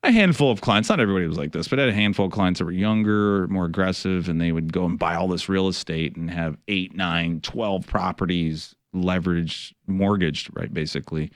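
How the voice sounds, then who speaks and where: A man's voice: low voice, brisk, hardly any pauses, no echo, clean studio sound. A middle-aged man, a financial advisor hosting a radio show, talking casually with many fillers, restarts and some wry sarcasm.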